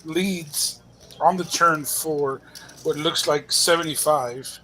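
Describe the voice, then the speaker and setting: A man giving live play-by-play commentary on a poker cash game, relaxed and thinking aloud with pauses. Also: on the high side, slight background noise, poor audio.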